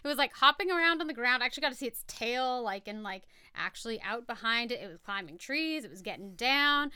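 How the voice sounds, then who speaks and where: A woman's voice: a little high, expressive, fast talker, pushed and bright, clean tone, dry recording. A woman co-hosting a podcast in casual chat, blunt and rambling, swearing freely as she tells stories. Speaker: podcast co-host.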